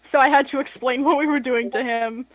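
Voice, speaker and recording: A young woman chatting casually with friends before an online tabletop game, telling lively stories and laughing easily. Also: sits high, fairly quick, dry recording, low-quality recording. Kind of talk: casual chat.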